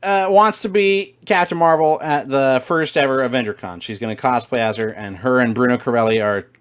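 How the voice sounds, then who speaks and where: A man of ordinary pitch co-hosts a podcast over a voice call from home. He rambles loosely through his points, breaks into laughter often and throws in crude jokes. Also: fairly quick, smooth. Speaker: podcast co-host. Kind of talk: casual chat.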